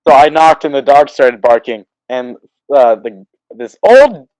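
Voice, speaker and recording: A young man from Oklahoma, in his late teens, telling stories on a casual podcast, halting and restarting, then getting animated. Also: mid-range voice, no room sound, rough recording. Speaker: podcast co-host.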